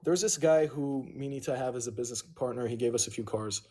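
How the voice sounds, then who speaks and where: A man's voice: medium pitch, quick pace, mellow. A man on a livestream casually telling a long, profane story and owning his mistakes. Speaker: livestream host.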